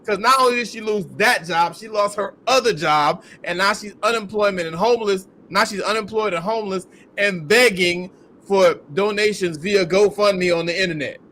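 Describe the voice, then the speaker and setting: A man's voice: high-pitched, normal speed, sharp tone, a little hiss or hum. A man hosting a podcast, ranting in heated, profane, incredulous commentary. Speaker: podcast host.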